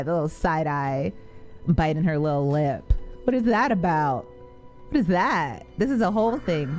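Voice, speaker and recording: A gaming streamer with a fairly low pitch and darkish tone gives casual, chatty, jumpy let's-play commentary on a horror game, talking back to its characters.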